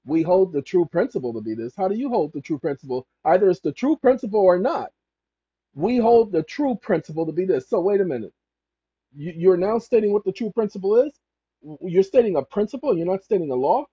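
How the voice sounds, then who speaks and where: A commentator reads passages aloud and breaks off again and again to repeat points and correct themselves. The voice is husky and mellow, and the pitch swings widely. It sounds dry and close, with a dull lo-fi tone. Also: big pitch swings, brisk, no echo. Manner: emphatic and repetitive, corrects self mid-sentence. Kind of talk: rambling legal commentary reading aloud. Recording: dull lo-fi recording.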